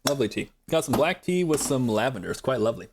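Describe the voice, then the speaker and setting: A man's voice: mid-range voice, animated, fast talker, noisy background. A young man chatting rambly to his viewers while playing a game live, talking into a desk mic. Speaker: streamer. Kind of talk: live gameplay commentary.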